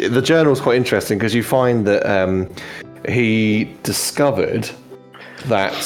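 Deep, gravelly game master. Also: male voice. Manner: rambling, many fillers and restarts. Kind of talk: narrating a tabletop game.

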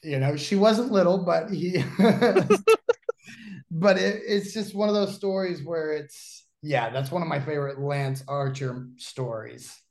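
A man's voice: a little high, measured pace, darkish tone. A man who is a pro wrestler, telling stories as a guest on a podcast, acting out the people in them and laughing often. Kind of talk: casual podcast storytelling.

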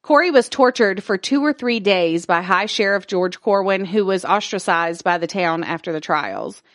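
A woman's voice: mid-range voice, lively intonation, normal speed, dry recording, studio quality. A woman co-hosting a casual podcast, reading an article aloud, stumbling over words, laughing and swearing casually along the way.

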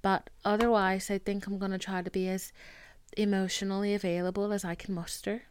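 A woman's voice: medium pitch, level tone, fairly quick, a little hiss or hum. A woman in her twenties hosting a podcast in casual chat, chatty, full of "like" and casual swearing, into a studio mic. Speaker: podcast host.

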